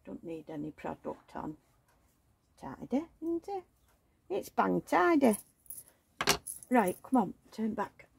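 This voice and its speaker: A woman's voice: medium pitch, very animated, slow, creaky, long pauses, a little mellow, slight background noise. A woman chatting casually as she changes a doll, cooing in baby talk and drifting into gossipy stories. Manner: coos and baby-talks, chatty gossiping asides. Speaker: reborn doll vlogger. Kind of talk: casual chat while dressing a doll.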